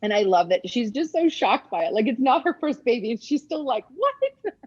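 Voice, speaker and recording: A woman midwife talks through a birth video with eager, explaining commentary, pausing often on little ums. Her voice is husky and a touch breathy, close and dry, with a slightly dull, lo-fi sound. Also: a little high, expressive, no echo. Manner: warm enthusiastic explaining with many ums.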